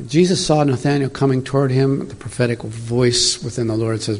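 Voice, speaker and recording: A man's voice: medium pitch, steady tone, moderate pace, hardly any pauses, darkish tone. A middle-aged man giving an informal, digressive sermon to a congregation in a church room, chatting and laughing at his own asides. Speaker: preacher.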